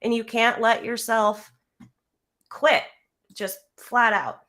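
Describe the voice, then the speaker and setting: Woman, bright sharp tone, shaky and emotional, heartfelt tribute, video call. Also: a little high, fairly even intonation, takes it slowly. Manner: nervous, tearful, earnest. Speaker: guest speaker.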